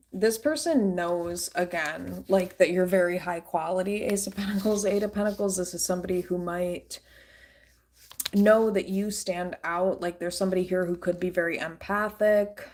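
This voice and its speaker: A woman gives a casual tarot reading, blunt and profane, rambling loosely with fillers. Her voice is mid-range with a darkish tone, and there's slight background noise.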